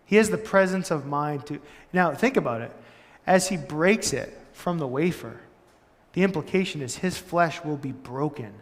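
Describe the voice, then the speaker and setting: A pastor giving a casual, storytelling sermon in a church, animated and full of "like" and "right?". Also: male voice, a little high, moderate pace. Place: church hall. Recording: long church-hall reverb.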